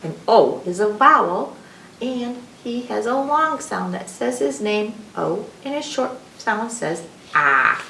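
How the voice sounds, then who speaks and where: Slow sing-song woman reading to kids. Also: fairly high pitch, lively intonation, creaky, bright, forceful tone, a little hiss or hum. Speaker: children's librarian. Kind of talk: reading alphabet rhymes for kids. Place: library room. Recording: echoey room, voice from a distance.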